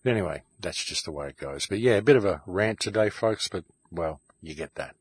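Male show host, deep husky voice, dry close sound, fired-up rant addressed to "folks". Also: animated, brisk, dry recording. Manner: ranting, keeps calling listeners "folks". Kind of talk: impassioned monologue. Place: home shed.

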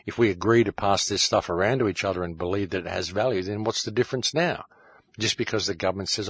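A man's voice: lowish voice, fast talker, a bit bright, breathy edge, no echo. A man hosting his own show, delivering an impassioned, ranting monologue and calling his listeners "folks", recorded in a home shed. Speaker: show host.

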